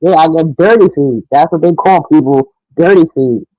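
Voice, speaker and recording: A woman's voice: low-pitched, moderate pace, dark tone, no room sound, poor audio. A middle-aged woman giving frank, opinionated casual commentary as a mother.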